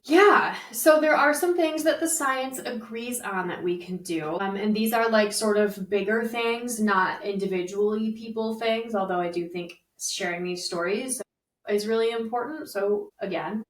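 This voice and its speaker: A young woman co-hosting a podcast, talking in an animated, chatty way with plenty of fillers. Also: fairly high pitch, a little slow. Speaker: podcast co-host. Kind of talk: casual chat. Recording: roomy, slightly distant mic.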